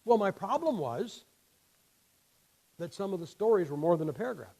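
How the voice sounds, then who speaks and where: A man's voice: high voice, sing-song, normal speed, creaky, a little mellow, rough recording. A man in his sixties preaching a sermon in a blunt, folksy, emphatic way, his damaged vocal cords leaving him short of air at the ends of sentences.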